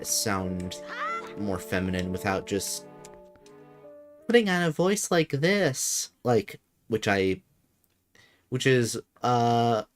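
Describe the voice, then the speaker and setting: A man with a deep voice and a Midwestern accent, casually commenting while streaming a game, hesitant with many fillers. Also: smooth. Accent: Midwestern American. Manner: hesitant, filler-heavy, self-deprecating.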